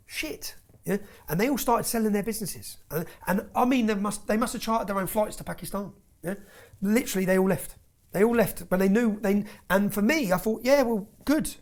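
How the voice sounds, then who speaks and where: A man with a high, creaky voice shares his own story as an interview guest. Intense and emphatic, he keeps tagging points with "yeah?" in this heated personal storytelling.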